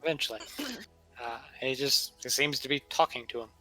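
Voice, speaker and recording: A man acting as game master who narrates a tabletop game in a relaxed, steady way, with fillers. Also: medium pitch, brisk, soft background music, low-quality recording.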